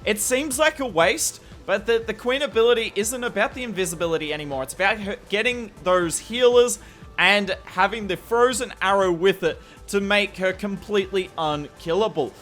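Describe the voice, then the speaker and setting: A man's voice: high voice, moderate pace, fairly bright tone, soft background music. A man with an Australian accent giving enthusiastic, explanatory commentary over strategy gameplay footage. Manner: enthusiastic, explanatory, self-deprecating. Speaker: gaming commentator.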